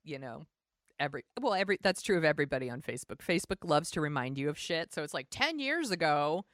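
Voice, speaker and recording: A woman's voice: sits low, very animated, fast talker, a bit bright, no echo, studio quality. A woman in her forties co-hosting a podcast, chatting casually with lots of fillers and self-mocking humor. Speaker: podcast co-host. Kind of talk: casual chat.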